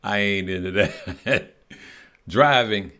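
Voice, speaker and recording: A man with a lowish, bright, forceful voice hosts a live stock and crypto trading stream, speaking slowly. He chats casually, laughs often, and greets viewers by name, thinking aloud and trailing off as he checks charts.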